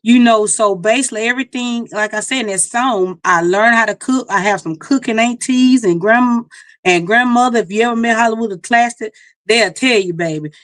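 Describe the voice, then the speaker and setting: A woman's voice: fairly high pitch, a little fast, a bit bright, no room sound. A middle-aged woman from Mississippi with a country Mississippi accent, telling folksy stories as a singer guest in a casual interview. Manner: folksy, storytelling, laughs at herself.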